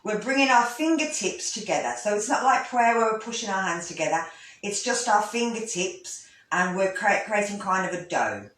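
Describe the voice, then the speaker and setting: A woman, a yoga teacher gently guiding a breathing lesson, with pauses and restarts. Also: medium pitch, animated. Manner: gentle, instructive, with fillers and restarts. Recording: echoey room, voice from a distance.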